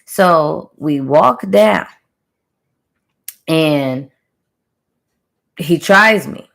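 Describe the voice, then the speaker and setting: A woman's voice: low voice, lively intonation, drawn-out words, vocal fry, a bit bright. A young adult woman casually retelling a dream to her viewers in an emphatic, slangy way, speaking straight to the camera. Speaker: spiritual reader sharing a channeled message.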